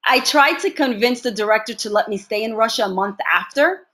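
A fairly high-voiced woman actress tells her stories with animation, her voice lifting as she goes. She laughs often in the middle of her sentences, and the whole delivery is casual and conversational. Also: brisk, pushed and bright. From United States. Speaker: actress, interview guest. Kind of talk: casual interview storytelling.

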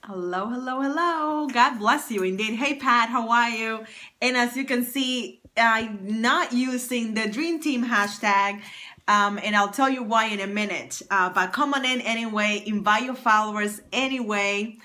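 A woman's voice: fairly high pitch, measured pace, pushed and bright. A woman greeting her livestream viewers by name in a bubbly, welcoming casual chat. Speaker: livestream host. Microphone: phone or webcam.

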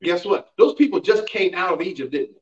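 A little fast and expressive, the pastor's high voice fills a Bible class in the church sanctuary as he preaches emphatically, calling for responses and asking the congregation rhetorical questions. It's recorded through a distant mic, sounding roomy and dull.

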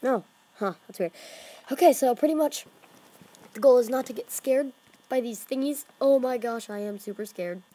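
A woman's voice: a little high, moderate pace, dark tone. A woman hosting a horror game let's play, jumpy and exclaiming, often dropping to whispers. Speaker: gaming channel host.

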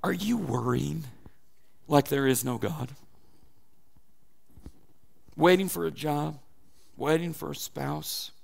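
Pastor guy preaching, animated, gravelly, slightly high voice. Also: takes it slowly, pauses often. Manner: animated, shifting loud and soft. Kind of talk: sermon.

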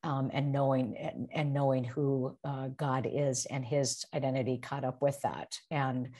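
A woman's voice: a bass voice, flat delivery, measured pace, warm tone. A woman, a professor co-hosting a podcast over a video call, reflecting on a Bible passage in a searching way with frequent restarts. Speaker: seminary professor, podcast co-host. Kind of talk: casual discussion of scripture.

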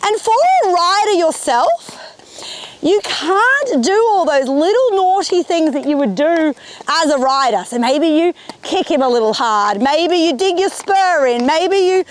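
A woman horse trainer talking through a lesson outdoors in wind and rain, chatty and encouraging, often cooing praise to her horse. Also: very high voice. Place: outdoors in windy, rainy weather.

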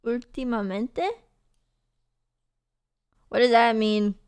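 Bubbly high-voiced young woman streamer. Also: fairly even intonation, takes it slowly, a little mellow, clear, resonant tone. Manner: bubbly, gushing, many fillers and laughs. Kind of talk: casual chat reading messages.

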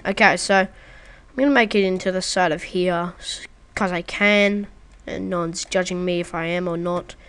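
A woman's voice: lowish voice, steady tone, normal speed, fairly bright tone, clear, resonant tone. Playful woman narrating her gameplay. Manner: chatty and playful, talking to the viewer. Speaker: gaming video creator. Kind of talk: casual let's-play commentary.

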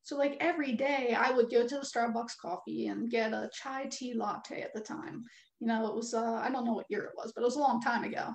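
A woman co-hosting a casual chat, speaking eagerly with quick asides. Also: a little high, steady tone. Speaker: co-host. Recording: echoey room.

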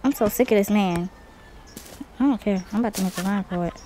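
A woman giving live commentary on a horror game, excitable and cursing, yelling when frightened. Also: mid-range voice, fast talker, slight background noise. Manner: talks to herself and the viewers. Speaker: gaming video host. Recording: clear music playing behind.

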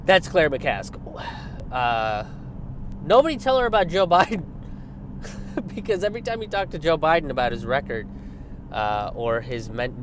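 A young man delivers a loose, sarcastic political rant, swearing freely and slipping into mocking voices. His voice sits at an ordinary pitch for a man. He is outdoors near a road, with faint traffic noise in the background. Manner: animated, sarcastic, swears often, mocks opponents in high voices. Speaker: political commentator.

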